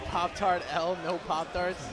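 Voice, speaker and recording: A man calling an esports basketball game as play-by-play commentator, upbeat with quick stat call-outs. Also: high voice, completely flat delivery, crowd noise. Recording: game sounds and noise behind.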